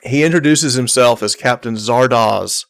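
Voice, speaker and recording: A man running a tabletop game and describing the scene. His narration stops and starts, full of "um" and repeated words, at an average middle pitch. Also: normal speed, vocal fry. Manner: hesitant, many fillers and repeated words. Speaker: game master.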